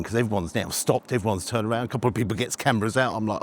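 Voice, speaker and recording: A man, a food reviewer, telling a story in an animated way and acting out conversations. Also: mid-range voice, fast, creaky, hardly any pauses, husky. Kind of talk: storytelling vlog.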